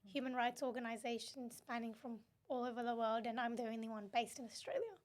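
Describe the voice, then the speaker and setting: A young adult woman from Myanmar, a guest in a podcast interview, telling her story in an animated way, laughing often and acting out what others said. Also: a little high. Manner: animated storytelling, quick laughs, acts out quotes. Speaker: guest, human rights activist.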